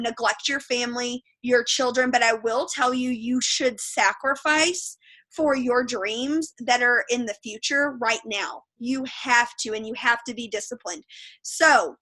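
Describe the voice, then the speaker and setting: A woman's voice: on the high side, pushed and bright. A woman leading her sales team on a video call, giving a blunt, emphatic motivational talk.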